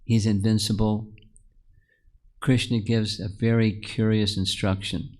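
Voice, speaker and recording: Man, lowish voice, scripture class, storytelling, quizzes listeners, repeats words. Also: little pitch movement, unhurried. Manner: storytelling, asks the audience questions; restarts and repeats words often. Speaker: spiritual teacher. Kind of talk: scripture class to a live group.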